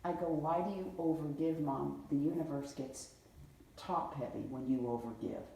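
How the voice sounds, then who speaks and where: A middle-aged woman talks casually with family, retelling old arguments and playing each relative's lines as she goes. Her voice sits low and slightly gravelly, yet it leaps widely in pitch as she talks. The mic is some distance away in a very reverberant room. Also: moderate pace. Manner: animated storyteller who acts out family quotes. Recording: echoey room, mic far off.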